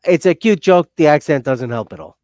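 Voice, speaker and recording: A man's voice: fairly high pitch, animated, fairly quick, a little mellow, no room sound. A man co-hosting a comedy talk show, telling jokes in a dry, understated way. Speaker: co-host. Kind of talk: casual joke telling.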